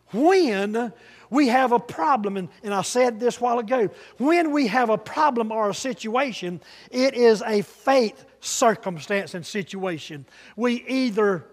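A male preacher with a high voice, delivering a sermon in an emphatic, call-and-repeat style. His voice rings out with a long reverb, the sound of a church hall. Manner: emphatic, has congregation repeat phrases.

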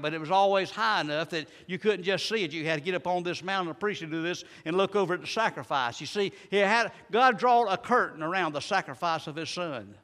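Preacher in a reverberant hall. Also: male voice, on the high side. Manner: dramatic swings between loud and soft, repeated rhetorical questions. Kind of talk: sermon.

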